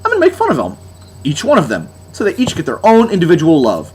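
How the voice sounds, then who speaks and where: Young male reviewer, sarcastic and exasperated, slightly high voice, faint background hiss. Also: huge pitch swings, fast. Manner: mocking, exasperated, theatrical. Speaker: album reviewer. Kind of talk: sarcastic album review monologue.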